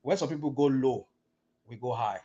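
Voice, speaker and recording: A man's voice: medium pitch, normal speed, lo-fi sound, over a noisy crowd. A man, arguing indignantly in a heated political debate and repeating words to break in. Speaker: caller in a political discussion.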